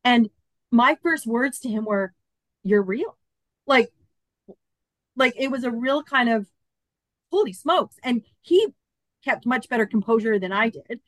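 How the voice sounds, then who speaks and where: A woman's voice: a little high, a little slow, long pauses, dry recording. A woman in her fifties, a podcast guest telling a personal story and acting out the dialogue in it. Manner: animated, acts out quoted dialogue. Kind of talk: storytelling in an interview.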